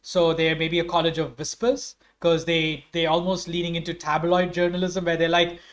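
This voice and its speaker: A young man with an Indian English accent pitches his character ideas to the table, thinking aloud through a stream of "um"s. His voice sits a little higher than most men's. He sounds keen and open. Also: completely flat delivery, normal speed. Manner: thinking aloud, many "um"s, enthusiastic. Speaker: player.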